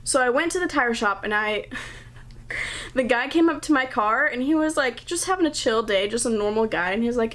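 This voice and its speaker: Chatty young woman vlogger, higher voice. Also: lively intonation, moderate pace, a bit bright. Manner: chatty, breezy, laughs between phrases. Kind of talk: casual vlog storytelling to camera.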